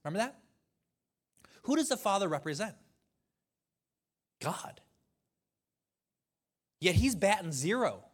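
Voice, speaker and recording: A man with a high, light voice preaches a sermon in a conversational way. He reads scripture aloud, then drops into casual asides to explain it. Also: big pitch swings, slow pace, long pauses. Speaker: pastor.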